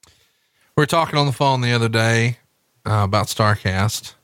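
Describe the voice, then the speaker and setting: A man casually telling a joke as an anecdote, with a relaxed, dry delivery. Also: medium pitch, moderate pace, clear, resonant tone, no echo. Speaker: storyteller.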